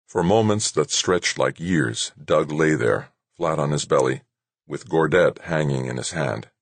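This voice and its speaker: A man reading an audiobook as narrator in a steady, measured way. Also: extremely low pitch, vocal fry, no echo. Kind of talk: scripted narration.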